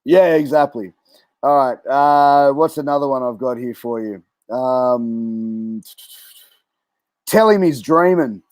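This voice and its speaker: A man's voice: medium pitch, slow, a little mellow, no room sound. An Australian man hosting a casual podcast interview, friendly and quizzing his guest on slang. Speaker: podcast host.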